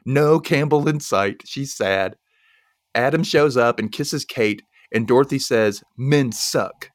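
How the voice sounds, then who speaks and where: A man's voice: mid-range voice, measured pace, no room sound, clean studio sound. A man casually recapping a movie plot on a podcast, laughing often and acting out the characters' lines. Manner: animated, laughs often, acts out quotes. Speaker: podcast host recapping a film. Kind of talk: casual chat.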